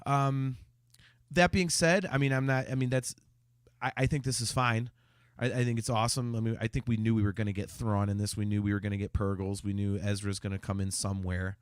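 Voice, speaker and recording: A man with a fairly low, clean-toned voice speaks fairly quickly with little pitch movement, recorded dry in a clean studio. Co-hosting a casual fan podcast, he chats hesitantly, stammering and restarting sentences as he reads out viewer comments.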